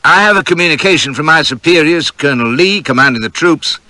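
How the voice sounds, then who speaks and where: A man's voice: fairly high pitch, expressive, fast talker, sharp tone, no room sound, voice pushed up. A man voicing a polite male cavalry officer with a pleasant Southern US accent, read in an audiobook. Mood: courteous.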